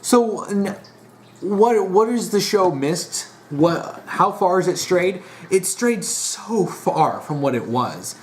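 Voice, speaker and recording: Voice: medium pitch, lively intonation, takes it slowly, a little hiss or hum. A vlogger in a casual monologue, rambling with restarts and sounding exasperated and disappointed. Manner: rambling, frequent restarts and fillers.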